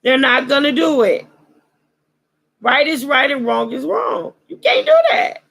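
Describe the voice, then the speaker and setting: Speaking slowly in a sing-song, slightly bright voice that is also deeply gravelly and husky, a woman vlog host delivers a casual commentary monologue full of preachy roasting and slang. Her pitch swings widely, and her dry throat makes her sound like she's losing her voice. Audio quality is poor.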